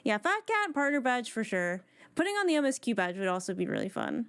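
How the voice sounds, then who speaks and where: A woman's voice: a little high, very animated, a little fast, fairly bright tone. A woman live streaming from home on a desk microphone, chatting casually with her viewers and greeting them one by one.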